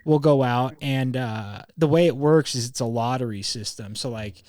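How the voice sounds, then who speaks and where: A young man from California rambles through a story in a loose, profane podcast chat, quoting people as he goes. His voice sits at an ordinary pitch for a man. It is recorded close and dry, with no room sound. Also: normal speed, dark tone, no echo. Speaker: podcast host.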